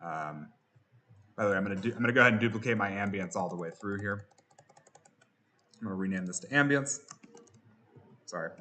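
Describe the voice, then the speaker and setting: A man walks through a music production lesson in a relaxed, unscripted way, often stopping on fillers and restarting phrases. His voice sits somewhat low and carries a bright, forward tone. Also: a little fast, pauses often, slight background noise. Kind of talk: software tutorial.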